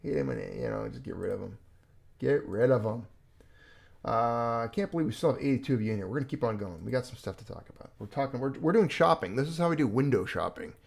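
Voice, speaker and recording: A man's voice: medium pitch, lively intonation, quick pace, creaky. A man hosting a casual livestream chat, rambling with fillers and restarts. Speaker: livestream host.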